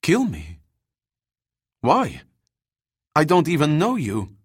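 A man's voice: on the high side, wildly swooping pitch, slow, husky, dry recording, pitched above the performer's own voice, full character voice. Man doing a startled professor, wary and bewildered, dry audiobook read.

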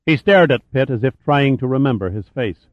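A man narrating an audiobook in a measured, even reading voice. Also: mid-range voice, no echo. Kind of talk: scripted narration. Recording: tinny phone-like audio.

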